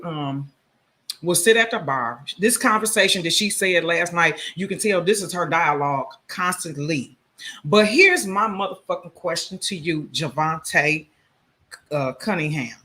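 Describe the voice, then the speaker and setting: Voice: mid-range voice, sharp tone. A channel host delivering a heated, profane livestream rant, scolding and lecturing in a confrontational, repetitive way.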